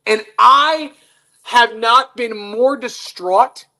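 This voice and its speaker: A man, a guest on a talk show, telling a story in a lively, self-mocking way. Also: very high voice, measured pace. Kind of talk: casual radio talk show chat.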